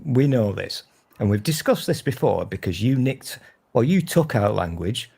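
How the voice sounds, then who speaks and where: A man's voice: fairly low pitch, big pitch swings, moderate pace, gravelly, mellow, breathy edge. A man in his thirties with a Northern English accent, chatting casually, swearing freely and teasing himself and others. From Northern England. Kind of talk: casual chat.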